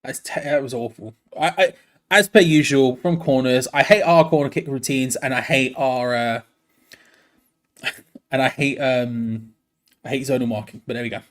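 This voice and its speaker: A young man doing live fan commentary on a match, excitable and groaning in frustration. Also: mid-range voice, normal speed. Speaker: fan watch-along host.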